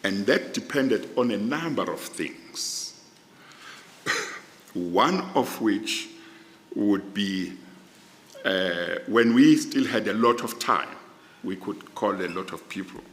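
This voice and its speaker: A middle-aged man with a South African accent, answering questions in a formal panel interview with deliberate, careful explanations. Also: lowish voice, animated, fairly bright tone. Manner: slow, measured, deliberate explanations. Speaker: judicial candidate being interviewed. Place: large hearing room. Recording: echoey hall, long reverb.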